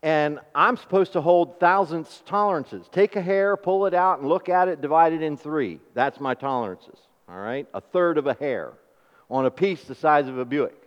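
Animated preacher man in an echoing hall. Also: fairly high pitch, moderate pace, clear, resonant tone. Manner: animated call-and-response preaching with homely stories. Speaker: pastor. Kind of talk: sermon. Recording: dull recording with long hall reverb.

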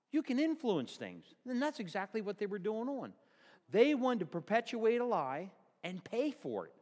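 A man's voice: high voice, darkish tone, long reverb tail. A male pastor preaching a sermon in a church, telling the story vividly and asking the congregation questions.

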